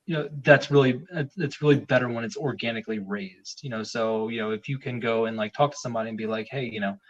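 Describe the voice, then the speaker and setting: A man's voice: mid-range voice, fast talker. A man chatting on a podcast, circling through ideas with many fillers and restarts. His voice sits in a middle range. The sound is a bit muffled and lo-fi. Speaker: podcast guest. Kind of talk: casual podcast conversation. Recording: dull lo-fi sound.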